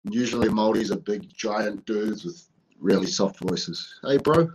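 Husky, low-voiced New man. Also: steady tone, unhurried, darkish tone, low-quality recording. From New Zealand. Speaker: guest, professional wrestler. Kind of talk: casual interview talk.

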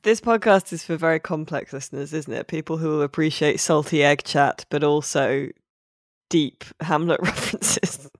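A woman's voice: low-pitched, normal speed, no echo. A woman hosting a podcast in casual chat, dry and wry, laughing often. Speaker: podcast host.

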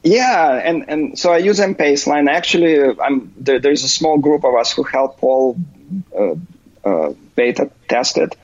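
Male podcast guest, husky, halting delivery, dull dry recording. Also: a little high, no room sound. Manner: halting, full of "you know" fillers and restarts. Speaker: interview guest, software developer. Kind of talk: casual interview.

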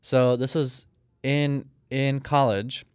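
Smooth-voiced man telling a story. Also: mid-range voice, steady tone, slow, a little mellow, no room sound, clean studio sound. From Russia. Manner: rambling storyteller, many fillers. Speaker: podcast guest. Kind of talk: casual interview talk.

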